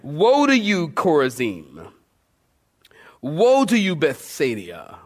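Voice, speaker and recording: Male preacher, lively storyteller, somewhat high voice, repeats lines and questions the congregation. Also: takes it slowly. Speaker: pastor. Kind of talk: sermon with a humorous personal story.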